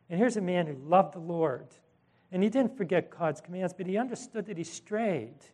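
A man's voice: high voice, brisk. A man preaching a sermon in a conversational way, retelling scripture with asides and acting out the voices in the story. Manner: animated storytelling, acts out quoted voices; conversational asides and self-corrections. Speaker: pastor.

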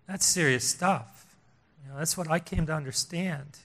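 Older male preacher, higher voice, emphatic sermon delivery with sudden hushed drops. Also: moderate pace. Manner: emphatic, repetitive, swings between loud and hushed.

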